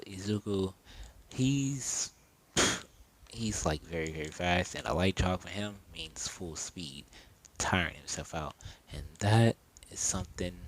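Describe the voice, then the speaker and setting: Casual male storyteller, deep voice, rambling and self-correcting mid-game. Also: a little hiss or hum, poor audio. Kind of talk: improvised fan-story narration.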